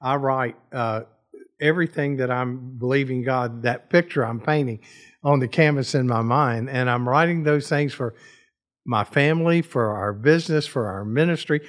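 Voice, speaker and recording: A man's voice: mid-range voice, moderate pace. A man appearing as a guest author on a faith talk show, speaking earnestly and reflectively. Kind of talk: casual chat.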